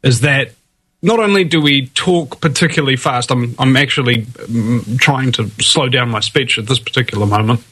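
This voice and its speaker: A man's voice: medium pitch, moderate pace, fairly bright tone, husky. A man with a New Zealand accent, a guest on a call-in show, telling a rambling tall tale with a straight face. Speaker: guest radio host. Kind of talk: casual call-in chat.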